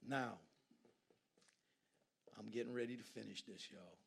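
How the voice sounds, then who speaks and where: A man from Guyana preaching a sermon in a church, swinging from hushed asides to loud, laughing exclamations. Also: on the low side, measured pace, gravelly, long pauses, breathy edge. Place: church sanctuary.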